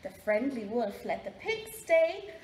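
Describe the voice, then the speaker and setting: A woman with an Irish accent reading a picture book aloud to children in a library, slow and expressive. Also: fairly high pitch. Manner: slow, expressive, lively storytelling. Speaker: library storyteller. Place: library room. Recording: echoey library room, faint background noise.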